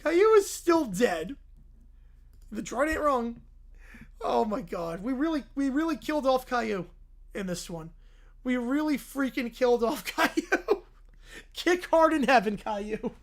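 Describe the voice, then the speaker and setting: Woman streamer reading goofy stories out loud, high voice that jumps all over, laughs a lot. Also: a little slow. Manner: animated, laughs often while reading. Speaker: livestream host. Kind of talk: casual livestream chat, reading stories aloud.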